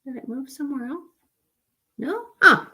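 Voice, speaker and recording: A woman's voice: high-pitched, expressive, moderate pace, bright, forceful tone. A woman hosting a live stream, chatting casually and rambling as she looks through pictures. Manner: chatty, rambling, with fillers and self-corrections.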